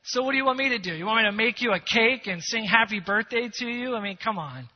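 A man's voice: sits high, expressive, fast, in a large hall, muffled recording, voice pushed up. A man voicing a harsh, mocking female friend. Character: scornful woman, sharp-tongued friend.

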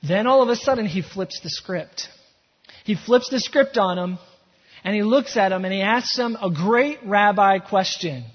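Husky high-voiced male preacher, echoey hall. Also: normal speed. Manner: storytelling preacher, building to impassioned emphasis. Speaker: pastor. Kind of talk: sermon. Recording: echoey hall, dull lo-fi sound.

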